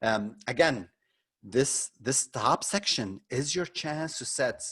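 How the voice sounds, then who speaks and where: A man's voice: mid-range voice, lively intonation, slow, a bit bright, husky. A middle-aged man leading a live webinar as a marketing consultant, critiquing frankly and conversationally, with many ums and restarts.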